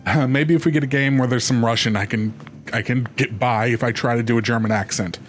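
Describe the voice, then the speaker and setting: A man's voice: mid-range voice, steady tone, brisk, a little hiss or hum. A man hosting a live game stream, chatting casually and rambling with many restarts. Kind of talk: casual let's play commentary.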